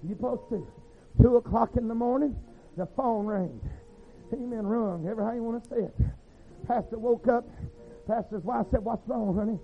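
High-voiced preacher, tinny recording. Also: male voice, normal speed. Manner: rhythmic, folksy, swings from hushed to shouting. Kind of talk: sermon storytelling. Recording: tinny phone-like sound with faint music.

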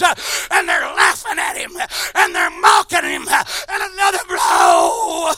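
A man preaching a sermon in a church, swinging between shouted fervor and hushed near-whispers. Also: extremely high pitch, wildly swooping pitch, moderate pace, few pauses, no echo, a faint crowd.

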